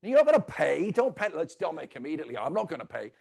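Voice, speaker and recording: Brief: male trainer, high voice, theatrical and teasing with the crowd, onstage. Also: very animated, quick pace, creaky. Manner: theatrical, teasing, swings loud and soft. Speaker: real estate trainer. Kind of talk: live training talk to an audience. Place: stage before a live audience.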